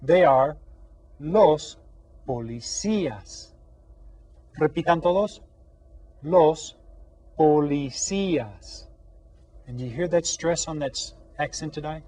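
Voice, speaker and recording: A man teaching children an elementary Spanish lesson, patient and questioning, drawing out each new word slowly and asking the class to repeat. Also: fairly high pitch, dark tone. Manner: asks questions and pauses for answers.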